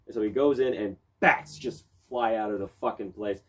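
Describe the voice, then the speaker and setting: A man's voice: lowish voice, normal speed. A man hosting a podcast in casual chat, loose and profane, who acts out character lines as he goes. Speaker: podcast host.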